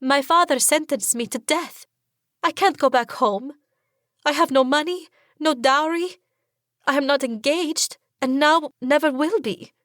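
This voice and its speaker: A frightened young woman on the run, her voice pitched high and strained as she pleads. A woman reads her out in an audiobook. The sound is close and dry. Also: animated, unhurried, no room sound.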